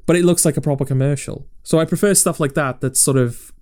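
A man's voice: a little high, fast, a little mellow. A man co-hosting a casual podcast, talking in a rambling, chatty, self-mocking way. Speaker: podcast co-host.

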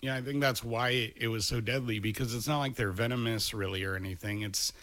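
A man's voice: mid-range voice, steady tone, fairly quick, fairly bright tone. A man co-hosting a podcast in casual chat, blunt and opinionated, with frequent swearing. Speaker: podcast co-host. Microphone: studio microphone.

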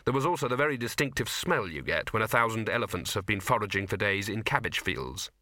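A man narrating a comic fantasy audiobook with dry, expressive storytelling. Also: fairly low pitch, fast, no room sound. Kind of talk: scripted narration.

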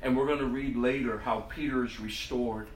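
A man preaching a sermon, acting out scripture with big swings from loud to hushed. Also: mid-range voice, steady tone, moderate pace, echoey room, slight background noise.

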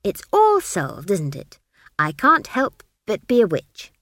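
An earnest young girl asks question after question in a high, lively voice, played by a woman reading the story. It is close and dry, with no room sound. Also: moderate pace, gravelly, dry recording, heavily acted.

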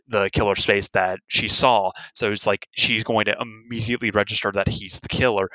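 A man's voice: fairly low pitch, sharp tone, no room sound, rough recording. A man co-hosting a casual movie discussion, rambling with many filler words. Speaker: podcast co-host.

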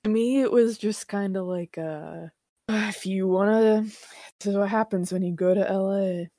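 A woman's voice: mid-range voice, measured pace, mellow, no room sound, studio quality. A woman in her twenties co-hosting a podcast in casual chat, rambling and self-deprecating, laughing often. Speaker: podcast co-host.

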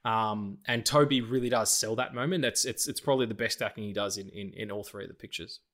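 A man's voice: fairly low pitch, quick pace. A man co-hosting a podcast, chatting casually and animatedly with frequent swearing. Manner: animated, sweary, quotes lines from films. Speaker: podcast co-host. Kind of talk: casual chat.

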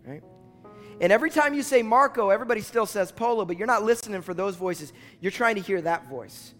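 A man's voice: high voice, fairly bright tone, long reverb tail. A man preaching an earnest sermon as pastor, building to fervent appeals to his listeners. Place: church auditorium.

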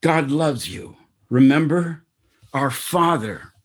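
A rasping old reverend scolds and preaches, as a man puts him on, his voice pushed higher than the storyteller's own. He hectors his listeners in short, heated bursts, in a spoken story told slowly. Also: expressive. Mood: pleading. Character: stern old male missionary reverend, scolding.

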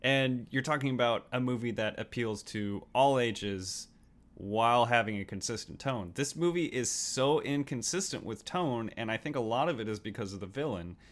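A man's voice: mid-range voice, expressive, normal speed. A man with a mid-range voice co-hosts a casual movie-review podcast. He talks in long, emphatic runs, piling up points as he critiques. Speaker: podcast co-host.

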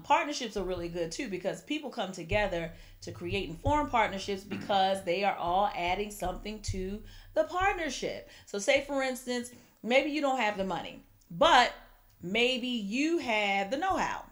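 A young adult woman hosting a casual real estate podcast, chatty and teasing. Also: medium pitch. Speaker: podcast host. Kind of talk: casual chat.

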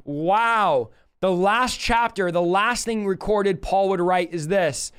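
A man's voice: sits high, takes it slowly, fairly bright tone, smooth. A man teaching a Bible study in an earnest way, reading scripture aloud and at times sounding moved. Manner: earnest, reads scripture aloud, grows emotional.

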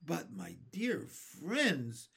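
A cheerful old grasshopper reassures his friends in a slow, encouraging storybook voice, put on by a man reading aloud. The pitch rises and falls in a lively way. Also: creaky, husky, heavily acted. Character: kindly old male grasshopper, trying to sound cheerful. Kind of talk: reading a children's book aloud.

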